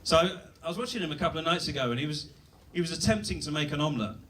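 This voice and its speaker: A man's voice: a little high, animated, very fast, fairly bright tone, recorded from a distance, slight background noise. A British man doing a self-deprecating stand-up set on a comedy club stage, rambling with fillers and restarts. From Britain.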